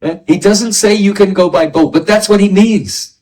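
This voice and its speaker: A man's voice: sits high, normal speed, a little mellow, recorded from a distance, poor audio. A man giving a devotional class lecture, explaining ideas through everyday examples and often checking in with his listeners. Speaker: spiritual teacher.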